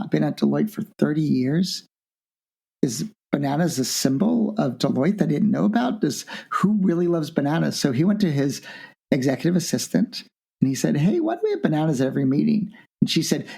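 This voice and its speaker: A man, a business professor guest on an interview podcast, telling stories in a lively way and acting out quoted people with big jumps in his voice. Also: on the high side, brisk, vocal fry, breathy edge. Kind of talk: animated interview storytelling.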